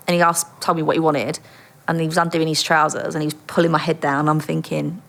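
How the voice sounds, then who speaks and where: A woman with a slightly low voice tells a story as an interview guest. She is a former undercover police officer and talks with bright energy, throwing herself into the quoted lines and laughing often. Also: flat delivery, fast, gravelly. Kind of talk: animated anecdote telling.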